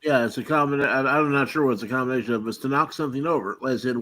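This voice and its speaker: A fast-talking man in casual livestream chat lays out explanations matter-of-factly. His voice sits at a plain middle pitch. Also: fairly bright tone.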